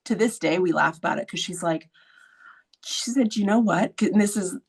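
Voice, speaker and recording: A woman hosting a podcast, telling a story in a casual, blunt way, swearing freely and acting out quoted voices with sudden high jumps. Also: normal speed, vocal fry, breathy edge. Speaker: podcast host.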